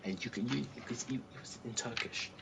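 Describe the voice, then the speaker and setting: A man hosting a livestream, chatting casually and telling an animated anecdote, acting out the people he quotes. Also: medium pitch, a little fast, creaky. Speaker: livestream host. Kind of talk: casual storytelling to a co-host. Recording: noisy livestream audio.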